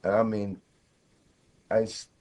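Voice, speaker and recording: A man in his thirties, a guest on a radio interview, talking in a reflective, halting way with many fillers. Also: lowish voice, little pitch movement, darkish tone, poor audio. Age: 30s. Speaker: guest musician. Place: radio studio.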